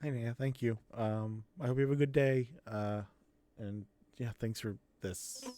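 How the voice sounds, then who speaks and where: Guy doing a soft shy little boy, stammers a lot, mid-pitched voice. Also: fairly even intonation, unhurried, dry recording, close to an everyday voice. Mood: hesitant. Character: shy young boy who loves spiders.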